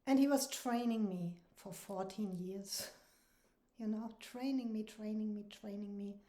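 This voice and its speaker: A woman's voice: mid-range voice, unhurried, dark tone. A woman, earnestly sharing a heartfelt personal faith testimony as an author. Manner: earnest and heartfelt, with laughs between thoughts. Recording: roomy echoey recording.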